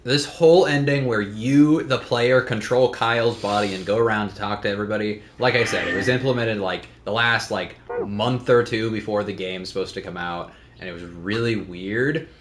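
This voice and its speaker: A man's voice: lowish voice, fairly even intonation, moderate pace, hardly any pauses, echoey room, slight background noise. A man co-hosting a let's play, chatting casually in a rambling way with plenty of swearing. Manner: rambling, profane. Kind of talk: casual chat.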